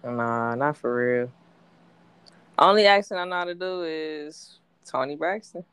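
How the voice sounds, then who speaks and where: Woman co-host, laid-back slangy talk, deep for a woman, dry close sound. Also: unhurried, fairly bright tone, clean tone, dry recording. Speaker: podcast co-host. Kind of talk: casual chat.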